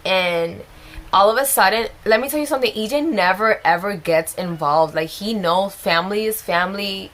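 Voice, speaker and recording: A woman's voice: medium pitch, normal speed, fairly bright tone. A young woman telling a personal story in a chatty, emotional vlog style, often exclaiming. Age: young adult. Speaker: vlogger. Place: at home with a small child.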